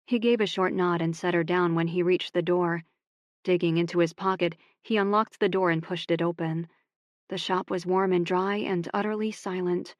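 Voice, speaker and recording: A woman narrating a romance audiobook in a calm, even voice on a close studio mic. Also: on the low side, normal speed, no echo, lo-fi sound.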